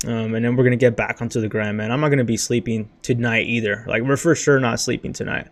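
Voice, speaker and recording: A young man runs a casual livestream from his bedroom, wired on caffeine and a little out of breath. He talks in a hyped, rambling way, tossing in "dude" and "bro" constantly. His voice sits at an ordinary middle pitch. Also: steady tone, fast talker. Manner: hyped, rambling, says freaking and dude a lot. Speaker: crypto livestream host.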